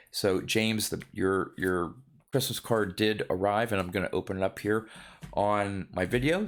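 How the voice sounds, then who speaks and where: A man vlogging about his card collecting in a casual, rambling way, with many ums and restarts. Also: fairly low pitch.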